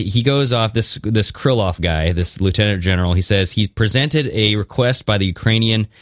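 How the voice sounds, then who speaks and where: Lower-voiced man, dry close mic. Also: dry recording. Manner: animated, conspiratorial, mixes reading with jokes. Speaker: podcast co-host. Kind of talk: casual chat.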